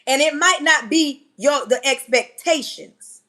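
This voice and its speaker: A woman preaching on a live stream, emphatic and yelling, firing rhetorical questions at her listeners. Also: sits high, measured pace. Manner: yelling and emphatic, banging on the table.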